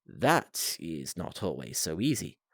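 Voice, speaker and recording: A man's voice: low-pitched, big pitch swings, slow pace, gravelly, a bit bright, breathy edge, no echo, studio quality, pitched below the performer's own voice, heavily acted. A man reading aloud plays an aloof, precise detective who speaks in a clipped, self-assured way. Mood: cool.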